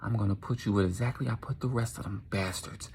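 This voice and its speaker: A man voicing a hot-tempered eleven-year-old boy who kills, talking in an enraged, shouting way. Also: fairly low pitch, fairly even intonation, fast talker, a little hiss or hum, natural voice. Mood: seething.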